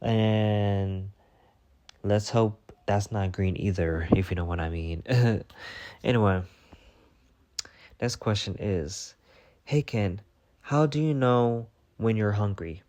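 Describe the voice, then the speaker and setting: A man with a lowish voice chats through fan questions in a loose storytime vlog. His delivery is profane and animated, and he often jumps into loud, acted-out voices mid-story. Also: slow, long pauses. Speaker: vlogger answering fan questions. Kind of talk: casual storytime chat.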